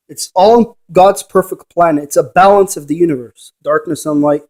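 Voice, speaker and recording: Speaking a little slowly in a fairly high, darkish voice, a ghost investigator rambles and preaches at length. He challenges the viewer with one rhetorical question after another.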